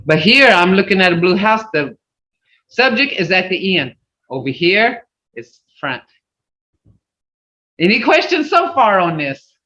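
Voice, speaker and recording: An older woman teaching a language class over a video call, animated and acting out expressions with big swoops in her voice. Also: unhurried, long pauses. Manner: animated, acts out expressions with sweeping pitch. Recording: dull, roomy video call audio.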